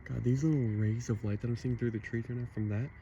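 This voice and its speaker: A man walks through a foggy neighborhood at night, chatting to his handheld camera in a loose, rambling way. His voice sits at an ordinary pitch. Night sounds and passing cars leave a steady hiss of noise behind him. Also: fast talker, muffled recording. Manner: chatty, quietly spooked, rambling. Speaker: vlogger. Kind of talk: casual vlog narration. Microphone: handheld camera mic. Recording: noisy outdoor camera audio. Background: night sounds and distant cars.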